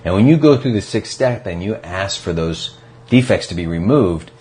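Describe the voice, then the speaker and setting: A man with a very low, deep voice tells stories in an easy, casual way. He acts out the quotes with feeling, and he talks like a guest on a relaxed podcast. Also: normal speed. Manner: animated storyteller acting out quotes. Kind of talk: casual recovery talk.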